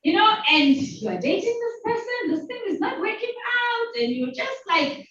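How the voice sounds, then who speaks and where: A woman in her forties from South Africa, hosting a talk and telling a personal story to a live audience, lively and playful. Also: very high-pitched, moderate pace, slight background noise. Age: 40s. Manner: animated, playful, acts out voices of others. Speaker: host. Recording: very echoey hall from far off, dull sound.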